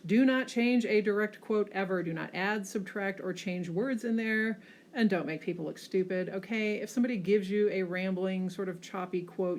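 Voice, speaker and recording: A woman teacher giving a classroom lecture over slides, often checking in with a quick "okay?" and pushing hard on key words. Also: on the low side, a little hiss or hum. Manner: frequent checking "okay?" tags, lively emphasis.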